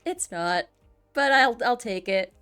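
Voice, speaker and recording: A woman's voice: a little high, lively intonation, unhurried, fairly bright tone, clean tone, no echo, faint music behind. Hesitant woman, dry close sound. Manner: hesitant, self-deprecating, with stumbles. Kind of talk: casual stream chat.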